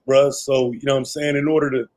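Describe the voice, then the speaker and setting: A man hosting a live stream debate, laid-back and slangy, using lots of fillers while trying to calm things down. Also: mid-range voice, quick pace, poor audio. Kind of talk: casual debate moderating.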